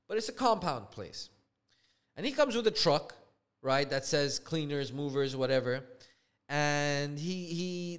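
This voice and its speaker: A young man co-hosts a podcast, telling a story in relaxed casual chat. His voice sits a bit high and leaps around, going loud and sharp when he's outraged, then dropping low and quiet when he's deflated. He acts out the people he quotes and swears freely. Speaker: podcast co-host.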